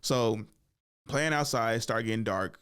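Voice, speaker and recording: A man's voice: mid-range voice, measured pace, smooth. Bay man telling comic stories. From San Francisco Bay Area. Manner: animated, laughs often, acts out voices, street slang. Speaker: stand-up comic and podcast host. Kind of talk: casual comic storytelling.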